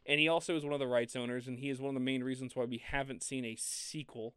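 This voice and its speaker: A man co-hosting a film podcast in casual chat, animated and laughing often as he talks. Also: mid-range voice, fast talker, clean tone, no room sound. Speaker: podcast co-host.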